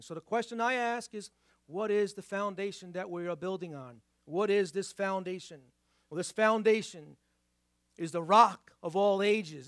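A male pastor delivers a sermon in a church, his accent mixing New York and Boston. His voice sits high for a man and sounds close and dry. He keeps it conversational, slowing down on key points and asking the room rhetorical questions. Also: no echo. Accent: mix of New York and Boston. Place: church sanctuary.

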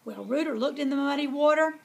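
A woman's voice: sits high, fairly quick, gravelly. A woman reading a children's story aloud in a folksy, drawling way.

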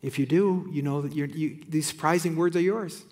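A man delivers a sermon to a church auditorium, speaking in a notably high register. He reads scripture aloud and explains it, rising into emphatic, loud peaks. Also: moderate pace. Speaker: pastor. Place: church auditorium with balcony and online audience.

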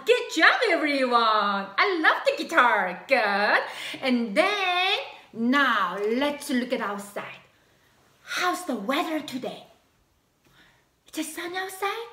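A woman's voice: sits high, very animated, slow pace, bright, forceful tone, roomy sound. A woman leading a preschool art and music circle time, exclaiming and sing-song as she plays with puppets for young children.

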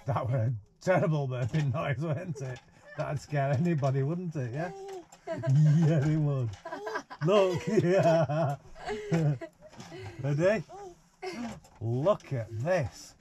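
A parent reads a picture book to a baby in a caravan, his medium-pitched voice interrupted by playful, teasing asides. The recording comes from a 360 VR camera and has background noise.

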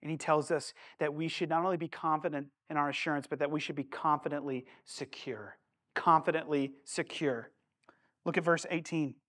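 A man's voice: a little high, steady tone, normal speed, fairly bright tone. A male pastor preaching a sermon in a church sanctuary, earnest and conversational, often turning to the congregation with asides.

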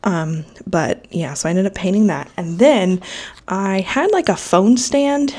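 Unhurried and animated, her medium-pitched voice has a dark tone. The young woman is filming a casual home vlog on a handheld camera in her kitchen and office, chatting in a rambling way with many fillers. Allergies make her a bit nasal, and she's sleepy and keeps yawning.

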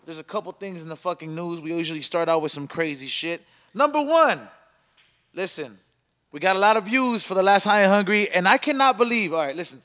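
Loud excitable high-voiced podcast host. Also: male voice, fairly quick. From Salvadoran family. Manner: loud, excitable, swears a lot. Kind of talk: casual profane podcast banter.

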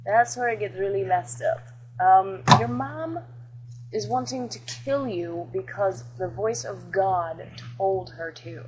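Brief: excitable woman gamer, casual running commentary, talkative and profane. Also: medium pitch, takes it slowly, background noise. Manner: chatty, excitable, swears and jokes while playing. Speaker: gameplay commentator.

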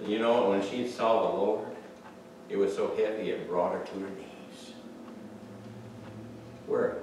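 A male pastor preaches to his congregation, dropping to a hush and then rising to a shout as he fires questions at them. He stands away from the mic, so his voice comes back with a heavy church echo. A faint hum of room noise sits underneath. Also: on the low side, expressive, normal speed, pauses often. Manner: preaching in waves from hushed to shouting. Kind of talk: sermon. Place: church sanctuary. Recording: echoey church hall from far off.

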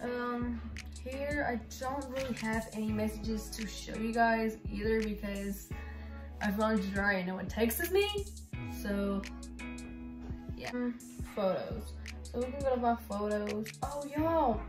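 A woman's voice: a little high, takes it slowly. Chatty young woman vlogging, roomy sound. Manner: chatty, rambling, lots of fillers. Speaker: YouTuber. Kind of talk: casual vlog chat. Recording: roomy with background music.

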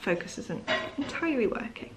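A woman's voice: fairly high pitch, very animated, fairly quick, noisy background. A woman talking casually to her camera at home in the evening, sleepy and yawning, rambling with lots of fillers and apologies. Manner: rambling, chatty, apologetic, many "um"s and "like"s. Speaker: vlogger.

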